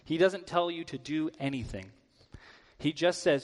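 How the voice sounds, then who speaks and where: A man's voice: fairly high pitch, unhurried. A man giving a sermon as a guest preacher in a church, talking in a conversational way with casual filler words. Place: church sanctuary. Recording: long hall reverb.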